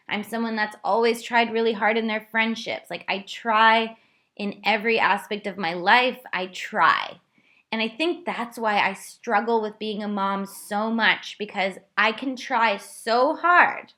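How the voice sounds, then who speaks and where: Young woman, podcast host, bright tense tone, self-deprecating, candid storytelling. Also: on the high side. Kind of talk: confessional solo podcast.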